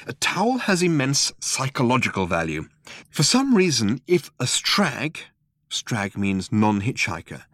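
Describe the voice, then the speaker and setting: Male audiobook narrator, wry comic delivery, very animated intonation. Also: mid-range voice, dry recording, studio quality. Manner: wry, expressive storytelling.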